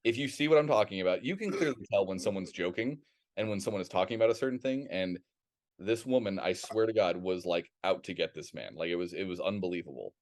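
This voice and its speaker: A man co-hosting a podcast, chatting casually and telling a story in a rambling, animated way with plenty of swearing. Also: low voice, quick pace. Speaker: podcast co-host.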